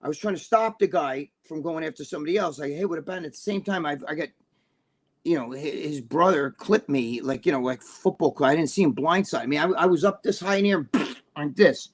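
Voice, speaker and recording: This man speaks a little quickly, with a voice on the higher side. Appearing as a guest on a live-streamed podcast, he tells blunt, profane stories in a casual chat and keeps checking in with his listener.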